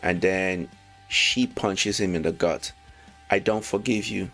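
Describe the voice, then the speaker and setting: A man casually reviewing a manga chapter, reading lines aloud, excited and slangy, laughing often. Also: deep voice, slow pace, faint music behind. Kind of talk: casual read-along commentary.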